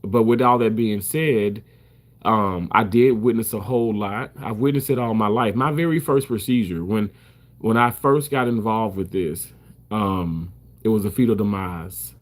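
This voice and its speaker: A man's voice: fairly low pitch, measured pace. A man who works as a surgical first assist, talking casually to the camera in an emphatic way, repeating himself and swearing freely.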